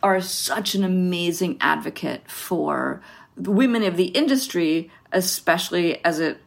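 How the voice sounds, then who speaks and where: A woman's voice: on the low side, measured pace, gravelly. A woman interviewing a guest, affirming her answers and asking the next question. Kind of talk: casual interview.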